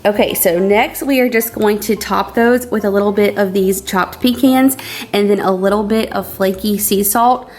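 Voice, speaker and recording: A woman's voice: mid-range voice, fairly even intonation, normal speed, a little mellow. Bubbly woman cooking vlogger. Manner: bubbly, gushing, says y'all often. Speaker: cooking vlog host. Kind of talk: casual cooking chat. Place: home kitchen. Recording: roomy kitchen echo, faint music.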